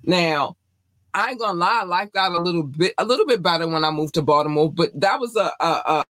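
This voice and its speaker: A woman's voice: on the low side, expressive, fairly quick, a bit bright, no room sound, poor audio. Blunt, scolding podcast host woman. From North Carolina, USA. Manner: scolding, blunt and profane rant. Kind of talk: entertainment news podcast commentary.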